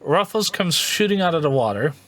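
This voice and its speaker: A game master narrating a tabletop role-playing game, unhurried and often laughing. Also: medium pitch, big pitch swings, a bit bright, no room sound.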